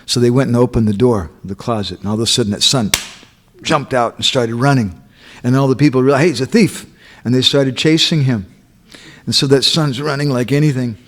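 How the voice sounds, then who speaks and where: A man's voice: medium pitch, fairly even intonation, a little fast, a bit bright. Man telling stories in a sermon. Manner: acts out quotes, checks in with listeners. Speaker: speaker at a temple. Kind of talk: storytelling sermon.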